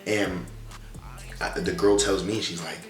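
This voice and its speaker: With faint music in the background and a roomy echo, a young storytelling vlogger recounts a tale in slangy, profane terms while acting out the quotes. His low voice holds a steady tone at a measured pace.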